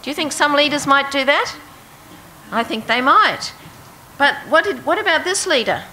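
A woman leads an interactive Bible lesson, reading verses and putting questions to her listeners. Her voice is bright and sits a little high. A faint hum of room ambience runs behind her. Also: expressive, moderate pace, poor audio. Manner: asks the audience questions, reads verses aloud. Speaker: preacher.

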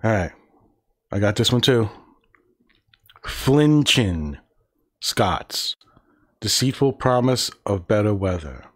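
Male streamer, low voice, slow drawl, sarcastic and sweary, muttering asides. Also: lively intonation. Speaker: livestream host. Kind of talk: casual livestream reading and commentary.

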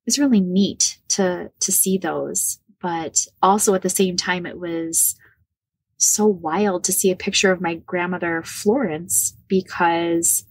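A woman in her forties from the Midwest of the United States, telling a personal story as a podcast guest, animated and laughing often. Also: lowish voice, slightly rough, no echo. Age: 40s. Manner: animated, laughs often, acts out quoted dialogue.

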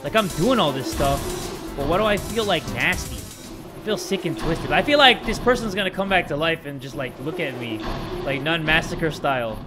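A man with a high, lively voice narrates his horror-game playthrough, cracking crude jokes and breaking into yelps and curses at every scare. Game music plays clearly behind him. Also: normal speed. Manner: jumpy, swears and yelps at scares, joking to viewers. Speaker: gaming YouTuber. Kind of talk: horror game let's play commentary.

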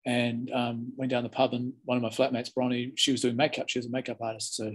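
A New Zealand man in his forties talks as an interview guest, telling anecdotes in a relaxed, chatty manner. His voice is husky and sits at a middling pitch. He often stops mid-sentence and starts over. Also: quick pace. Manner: laid-back and chatty, many restarts. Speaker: interview guest, former film extra. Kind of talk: casual storytelling.

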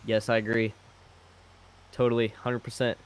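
A man's voice: medium pitch, monotone, moderate pace. A man playing alongside in a role-play game, answering in dry, agreeable short lines. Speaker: fellow role-play player. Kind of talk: casual role-play chat over voice chat.

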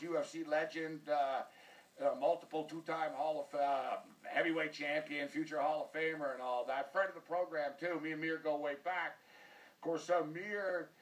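A man with a North American accent hosts a casual sports show, rambling and joking at his own expense. His voice sits a bit high and sounds a little distant from the mic. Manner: rambling, joking, self-mocking. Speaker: host.

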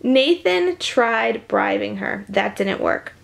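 A woman reading a picture book aloud to children on camera in an animated, chatty way, often dropping to a whisper. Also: a little high, slow, vocal fry. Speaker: children's story reader.

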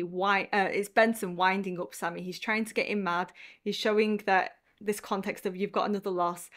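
A woman's voice: mid-range voice, fairly bright tone. Chatty woman teaching English writing. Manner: casual, chatty, explaining with examples. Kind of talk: instructional video lesson.

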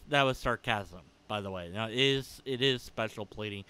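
A man's voice: on the low side, normal speed, few pauses, bright, forceful tone, clear, resonant tone, no room sound. A man giving a casual commentary rebuttal, argumentative and sarcastic, laughing at times. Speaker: video creator responding to a critic.

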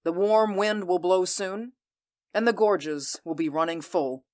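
Fields: Figure: proud warrior queen, acted by a woman. Pitch: lowish. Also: a little mellow, lightly acted. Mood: proud, fierce. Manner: intense, measured and commanding. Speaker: voice actor. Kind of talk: audio drama acting.

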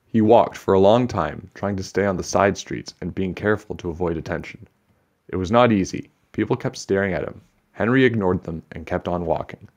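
Deep-voiced man reading a storybook. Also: brisk, darkish tone. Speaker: children's book reader. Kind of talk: reading a book aloud.

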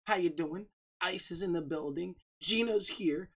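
Male streamer, laid-back and upbeat, rattling off shout-outs to chat on a desk mic. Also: sits high, a little slow. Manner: upbeat, shouting out viewers by name. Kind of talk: casual livestream chat.

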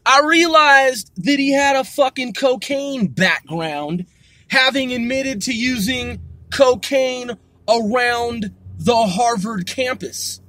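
A man's voice: extremely high pitch, pushed and bright, no echo. A man delivering a heated, profanity-laden monologue, repeating himself as he builds up steam. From United States. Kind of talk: ranting monologue.

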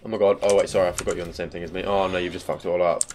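A man's voice: sits low, flat delivery, racing, background noise. A man streaming a video game, chatting casually with swearing and teasing banter. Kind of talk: casual gaming stream chat. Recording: loud keyboard clicking behind.

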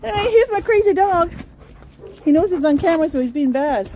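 A woman with a high, soft, mellow voice films her pets at home on a handheld phone. She coos at them in sing-song baby talk and bursts into gleeful cheers as they play. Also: expressive, normal speed, slight background noise. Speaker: pet vlogger. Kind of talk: casual home vlog. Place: home with pets, partly outdoors in snow.

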